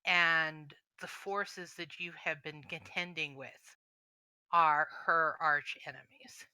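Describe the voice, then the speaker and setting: A woman voicing a courteous male reptilian sage who welcomes travelers and explains things calmly. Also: low voice, slow pace, clean tone, no echo, exaggerated voice. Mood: welcoming.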